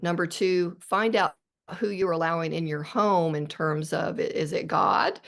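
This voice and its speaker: A woman's voice: fairly low pitch, measured pace, vocal fry, a bit bright. A middle-aged woman, an author guest on a podcast interview, talking earnestly and reflectively with frequent restarts.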